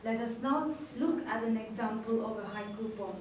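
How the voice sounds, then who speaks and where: A woman's voice: on the high side, crowd noise. Woman teacher, echoey room from far off. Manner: slow, clear, syllable-stressing delivery. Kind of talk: online class lesson.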